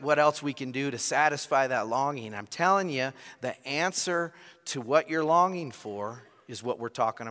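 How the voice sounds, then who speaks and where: A man's voice: mid-range voice, fairly bright tone. A man preaching a sermon as pastor, earnest and direct, appealing straight to his congregation in a church. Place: church sanctuary. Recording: long reverb of a large hall.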